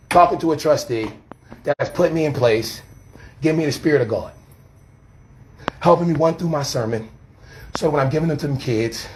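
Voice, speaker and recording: A man's voice: medium pitch, slight background noise. A man, a street preacher, arguing on a phone camera in an agitated, rambling, defensive way and pleading with older women. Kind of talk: heated confrontation filmed on camera.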